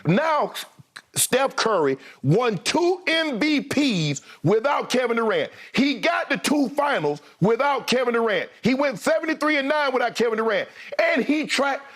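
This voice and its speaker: High-voiced forceful sports debate man. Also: sing-song, measured pace. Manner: forceful, interrupts repeatedly, emphatic.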